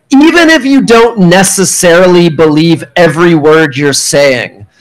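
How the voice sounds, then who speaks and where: Man with a slightly high voice, teaching a university workshop in a clear, emphatic way. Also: rough recording. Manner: clear, emphatic teaching delivery with checking "okay?". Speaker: workshop instructor. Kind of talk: classroom workshop lecture. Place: university meeting room.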